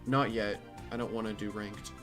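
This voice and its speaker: A tired young man with a slightly low voice, reading chat questions aloud and answering them in a flat, offhand way. Clear game music plays behind him throughout. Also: moderate pace. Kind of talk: casual live-stream chat.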